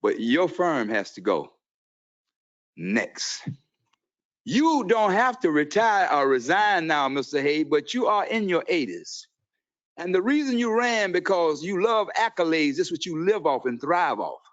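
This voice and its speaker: A man's voice: fairly high pitch, very animated, unhurried, a bit bright. A man making an impassioned public comment at a council meeting, confrontational and preachy, quoting scripture. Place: city council chamber. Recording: dull lo-fi meeting audio.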